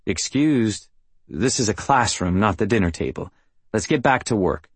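A curt, impatient high school teacher, read by a man narrating a novel snaps out short orders in a lowish voice. The sound is dry and close. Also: expressive, normal speed, slightly rough, no room sound.

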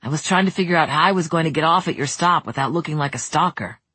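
An audiobook narrator voicing an earnest young man who talks quietly and haltingly, running himself down. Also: medium pitch, husky, no room sound. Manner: quiet, halting, self-deprecating. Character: earnest, self-doubting young man in love.

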